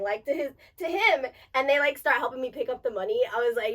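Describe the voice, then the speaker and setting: A young woman co-hosting a podcast, telling club stories in casual chat with an animated, profane delivery. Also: on the high side, quick pace, hardly any pauses, distant mic. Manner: animated, profane, bursts of laughter. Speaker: podcast co-host.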